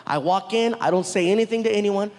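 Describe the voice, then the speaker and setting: A male stand-up comedian telling an animated story on stage, acting out the people in it. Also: high voice, quick pace. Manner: animated, laughing, acts out every character. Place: on stage in a large venue. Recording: stand-up special with hall reverb.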